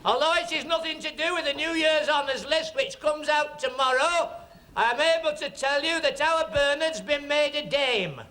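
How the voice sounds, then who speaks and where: A man's voice: very high voice, moderate pace, bright, forceful tone. A man compering a club variety show, introducing the next act with dry jokes. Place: working men's club stage on TV. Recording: noisy 1970s TV recording, club crowd.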